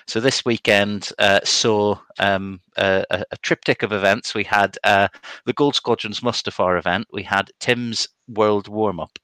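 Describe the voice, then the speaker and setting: A man's voice: on the low side, a bit bright, dry recording. A man hosting a casual podcast chat, chatty and hesitant, laughing often. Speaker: podcast host.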